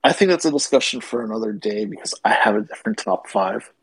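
A man's voice: medium pitch, lively intonation, fast, gravelly, husky, dry recording, low-quality recording. A man co-hosting a casual sports podcast, opinionated and teasing his co-host.

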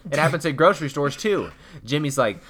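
A man's voice: fairly high pitch, animated, fairly quick, a bit bright. A young man co-hosting a podcast, rambling in casual chat with lots of fillers. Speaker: podcast co-host.

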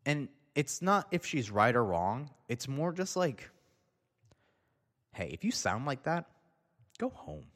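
A man's voice: medium pitch, sing-song, slow pace, long pauses, fairly bright tone. A man ranting on his show in a sarcastic, profane comedic style, swearing freely. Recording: long reverb.

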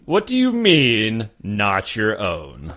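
A man playing a tabletop game, speaking in a dry, deliberate way. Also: on the low side, wildly swooping pitch, pushed and bright. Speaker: player. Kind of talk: casual tabletop play.

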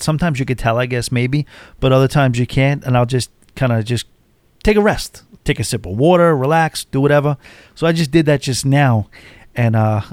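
A man's voice: medium pitch, a little mellow, no echo. A man hosting a solo cruise talk show, rambling chattily from one topic to the next. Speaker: cruise podcast host.

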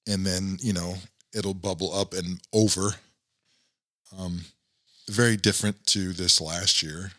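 Middle-aged male guest; earnest, reflective storyteller, bright tone, slightly low. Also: steady tone, a little slow, long pauses, dry recording, studio quality. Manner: earnest, reflective, many fillers. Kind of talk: personal storytelling in an interview.

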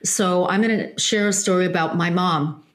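A woman telling a personal story in an earnest, halting way, with fillers and restarts. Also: on the low side. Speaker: guest. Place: Laguna Beach area.

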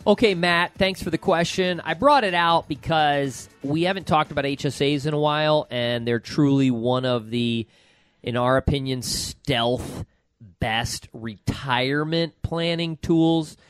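A man in his forties hosting a podcast in casual chat, an excitable, rambling storyteller. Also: fairly high pitch, unhurried, smooth, faint music behind. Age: 40s. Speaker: podcast host.

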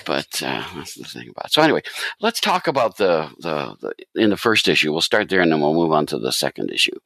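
Deep gravelly-voiced man hosting a podcast. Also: wildly swooping pitch, a little fast, a bit bright, no echo. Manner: rambling, many restarts and fillers. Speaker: podcast host. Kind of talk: casual interview chat.

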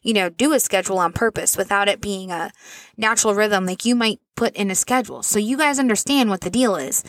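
A woman's voice: medium pitch, a little fast, a bit bright, no echo. A woman in her thirties, a mother of four, telling a personal story in an earnest, rambling way, full of asides and fillers. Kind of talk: casual storytelling to camera.

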